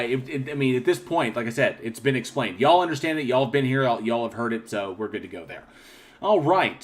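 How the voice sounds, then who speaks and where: A man hosting a casual livestream, reading chat comments aloud and rambling with frequent throat clearing and restarts. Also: lowish voice. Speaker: channel host.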